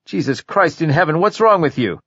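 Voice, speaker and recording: A paranoid, jittery middle-aged man, put on by a male narrator, whose voice jumps higher and louder as he snaps at his visitor. He sounds suspicious and exasperated, as in a storybook reading. The recording is dry and a little muffled. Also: moderate pace, gravelly, dry recording, natural voice. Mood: agitated. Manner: shouting, exasperated outbursts.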